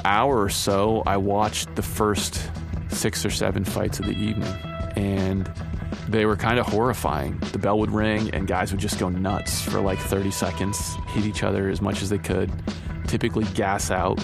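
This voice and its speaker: A man telling a personal story in a relaxed, conversational way, with guitar music under his voice. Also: low voice, gravelly. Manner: relaxed, conversational with frequent "you know" and "kinda". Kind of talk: first-person spoken storytelling.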